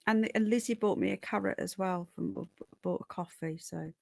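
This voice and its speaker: A woman's voice: medium pitch, a little fast, vocal fry, darkish tone, dry recording, studio quality. A woman hosting a casual livestream, chatting with viewers and thanking them by name. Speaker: livestream host.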